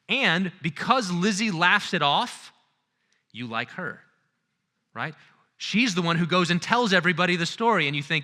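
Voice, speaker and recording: A male lecturer giving a conference talk in an animated, conversational way, acting out scenes as he goes. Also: a little high, fairly quick.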